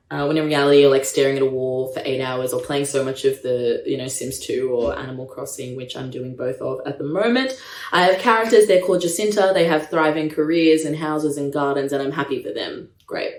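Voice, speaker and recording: A young Australian woman doing a stand-up comedy set, self-mocking with deadpan asides. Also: low voice, moderate pace, roomy sound. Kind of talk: stand-up comedy set, live-streamed from home.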